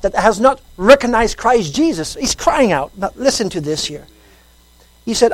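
A man's voice: no echo, rough recording. Male preacher, dry sound. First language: French. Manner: impassioned preaching, rising to loud high emphasis. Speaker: pastor. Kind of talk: sermon. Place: church service.

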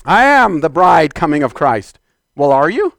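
A man preaching a fervent sermon in a church, exhorting the congregation and shouting declarations. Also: a little high, big pitch swings, a little slow, gravelly, no echo, studio quality.

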